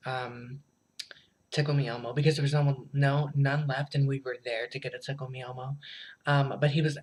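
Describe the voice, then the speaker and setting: Casual vlogger, mid pitch, rambling and profane, self-mocking, lots of "um" and "like". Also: rough recording. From Southern Illinois. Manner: rambling, profane, many fillers; self-deprecating, laughs while telling stories. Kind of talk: casual storytelling.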